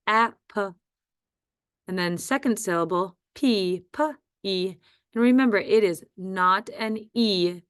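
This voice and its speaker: A woman's voice: medium pitch, clear, resonant tone, dry recording, clean studio sound. A woman teaching a recorded phonics lesson to first graders, patient and repeating words with frequent ums and okays.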